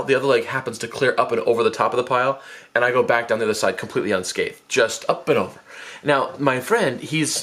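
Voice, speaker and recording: A young man telling a personal story in a casual vlog, animated, jumping high and loud whenever he acts out a shout. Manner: animated, jumps high and loud when acting out his shouts.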